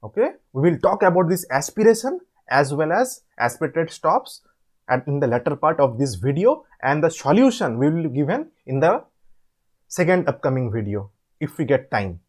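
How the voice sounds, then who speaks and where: Husky, lively voice. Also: medium pitch, normal speed. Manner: demonstrates pronunciations by repeating words. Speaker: tutor. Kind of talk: explaining a graded assignment.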